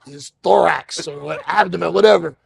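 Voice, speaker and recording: A man hosting a podcast, telling a story in an animated way and acting out other people's voices. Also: high voice, measured pace, gravelly, breathy edge. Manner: acts out other voices, shouting and laughing. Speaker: podcast host.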